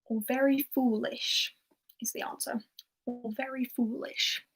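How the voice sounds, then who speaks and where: A chatty young woman hosts a quiz over a livestream, her voice sitting a little high. She reads out answers casually, with small laughs and asides. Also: fairly even intonation, a little slow, breathy edge. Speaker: pub quiz host.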